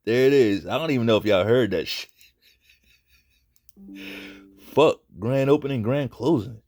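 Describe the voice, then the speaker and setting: A man's voice: mid-range voice, brisk, a little mellow. A man hosting a casual commentary show, speaking bluntly and profanely and repeating himself for emphasis. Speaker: commentary channel host.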